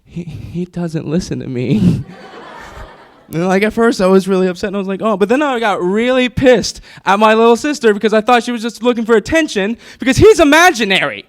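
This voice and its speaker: A man's voice: high-pitched, quick pace. A man in his twenties doing a stand-up comedy set on stage before a live audience, nervous and rambling, with many fillers. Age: 20s.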